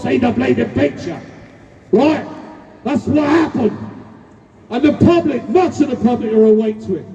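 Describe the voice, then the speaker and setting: A man shouting a ranting protest speech, heard distant and echoey through a dull lo-fi recording. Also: high voice. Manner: ranting, shouting, emphatic repetition. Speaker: protest speaker. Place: outdoor street protest.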